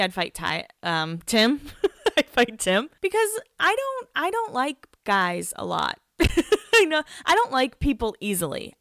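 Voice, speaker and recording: A young woman in her twenties hosts a podcast and tells a personal story in a loose, confessional chat. Her voice is smooth and clear, with a dry, close sound and no room echo. She swears freely and laughs at herself as she goes. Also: mid-range voice, fairly bright tone. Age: 20s. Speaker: podcast host. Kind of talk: casual storytelling monologue.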